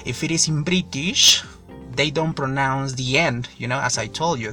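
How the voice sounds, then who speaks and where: Man from Mexico, native Spanish speaker, gravelly voice, casual podcast lesson, rambling and repetitive. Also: medium pitch, normal speed, pushed and bright, faint music behind. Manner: rambling, repetitive, explains words as he goes. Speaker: English learning podcaster. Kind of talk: casual spoken monologue lesson.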